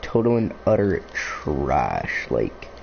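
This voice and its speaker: His voice is extremely low with vocal fry, swooping wildly in pitch as he moves slowly through a meandering, filler-heavy musing. A young YouTuber addresses the camera casually, captured on a dull lo-fi mic with faint noise.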